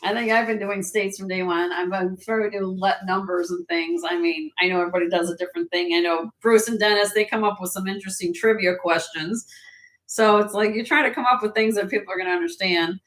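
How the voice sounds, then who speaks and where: A woman hosting a live jewelry sale stream in casual chat, laughing often and a little hoarse from losing her voice. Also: mid-range voice, steady tone, brisk, fairly bright tone. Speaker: host and jewelry seller.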